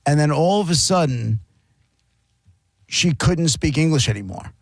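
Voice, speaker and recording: A man's voice: a little high, lively intonation, measured pace, gravelly, dry recording. A man hosting a radio show in casual chat, reading out odd news stories with a wry, amused manner. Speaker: radio host.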